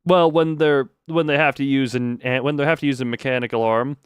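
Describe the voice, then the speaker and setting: A man streaming live, chatting casually while gaming, excitable and rambling with mild swearing and frequent laughs. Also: mid-range voice, a little fast, clean tone, dry recording, clean studio sound.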